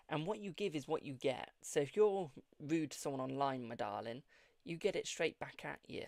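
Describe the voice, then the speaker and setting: A British man with a slightly high, gravelly voice gives a live-stream tarot reading. He is affectionate and repetitive, calling his viewers darling and echoing his own phrases. The sound is dry and close. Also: moderate pace, few pauses, darkish tone. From United Kingdom.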